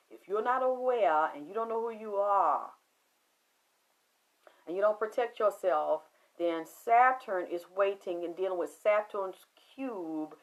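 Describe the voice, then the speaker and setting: A woman telling a spiritual story in an emphatic, preachy, profane monologue that swings from loud to hushed. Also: mid-range voice, dull audio. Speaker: spiritual talk host.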